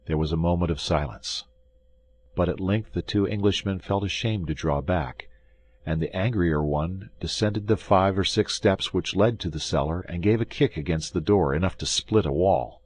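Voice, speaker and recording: A man narrating a classic adventure audiobook in an expressive, measured storytelling manner. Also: sits low, slightly rough.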